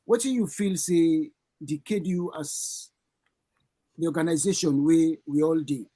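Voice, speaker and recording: A radio host with a Sierra Leonean Krio accent, asking halting questions full of hesitations. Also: mid-range voice, warm tone, slightly rough. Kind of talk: radio interview.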